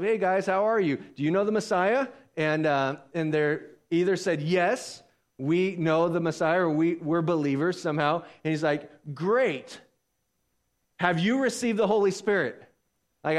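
A man preaching a sermon, animated and acting out the voices of the people he talks about. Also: fairly high pitch. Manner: animated, acts out voices of biblical figures. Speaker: pastor.

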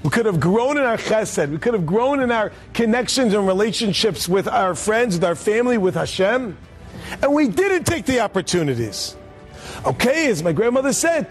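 A man's voice: sits high, very animated, moderate pace, soft background music. A man earnestly retelling an inspirational story and drawing a moral from it, in a conversational way with frequent self-corrections.

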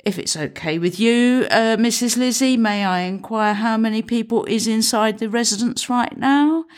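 A woman's voice: fairly high pitch, normal speed, voice pushed up, lightly acted. A woman voicing a nervous young male police officer who stammers and apologizes. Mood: sheepish.

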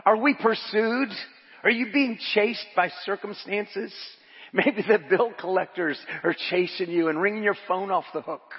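A man's voice: high voice, a little slow, slightly rough, long reverb tail, muffled recording. A man pastor preaching a sermon, reading scripture and quotes aloud and repeating phrases for emphasis. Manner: asks the congregation to repeat lines. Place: church.

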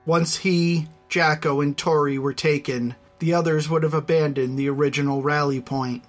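An audiobook narrator reading a fantasy story in a measured, even storytelling voice. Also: mid-range voice, faint music behind. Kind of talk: scripted narration.

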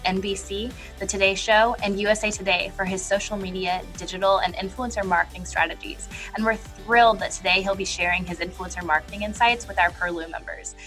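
A woman's voice: mid-range voice, fairly bright tone. A woman hosting a podcast with a nasal voice as she recovers from a cold, reading a polished, upbeat introduction. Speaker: podcast host. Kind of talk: scripted podcast introduction and interviewing.

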